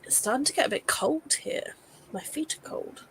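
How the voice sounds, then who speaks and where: A woman's voice: high voice, expressive, normal speed, vocal fry, a bit bright, a little hiss or hum, poor audio. A young woman hosting a casual livestream chat, chatty and laughing often between yawns. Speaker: host of a reading sprint livestream.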